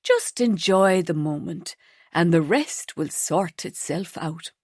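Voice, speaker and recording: A woman playing a calm, wise old grandmother, unhurried and soothing. Each line comes slow and gentle, close and dry on the mic of a storybook reading. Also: lowish voice, slightly rough, dry recording, exaggerated voice. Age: older. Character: warm, wise grandmother, Sylvia.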